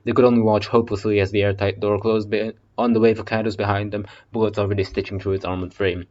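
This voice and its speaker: A man's voice: fairly low pitch, flat delivery, fast, few pauses, a little mellow, highs cut off. A man reading an audiobook casually in a basement, breaking off for swearing, joking asides. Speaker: audiobook reader.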